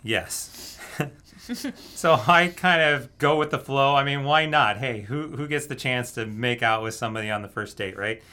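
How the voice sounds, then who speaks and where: A man's voice: mid-range voice, moderate pace, bright, forceful tone. A man casually telling a story, laughing often as he goes. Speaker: guest telling a dating story. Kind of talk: casual anecdote.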